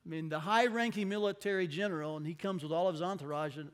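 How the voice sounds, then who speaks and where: A man's voice: a little high, quick pace. A man preaching a conversational sermon, telling a Bible story expressively and acting out the people in it.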